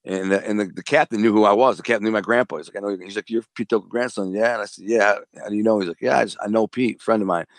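A man, a former mob enforcer and author, telling animated, slangy stories in an interview. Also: on the low side, very fast, few pauses, no echo. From Detroit. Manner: animated, streetwise storytelling with slang and acted-out dialogue. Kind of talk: casual storytelling interview.

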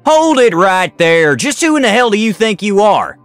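A man's voice: high-pitched, big pitch swings, no room sound, faint music behind, pitched above the performer's own voice. A man playing a roaring frontier sheriff. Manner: roaring, drawn-out commands. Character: blustering small-town male sheriff, roaring.

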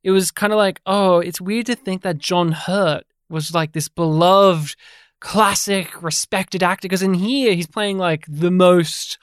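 A podcast co-host chatting casually about films, animated and jokey, with a habit of slipping into mock impressions. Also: medium pitch, measured pace, smooth, no echo, studio quality. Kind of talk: casual chat.

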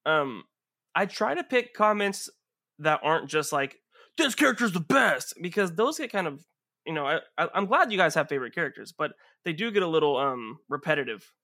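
Bright, lively young man hosting. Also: fairly high pitch, dry recording, clean studio sound. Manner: rapid, rambling, laughs often. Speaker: podcast host and player. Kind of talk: casual chat.

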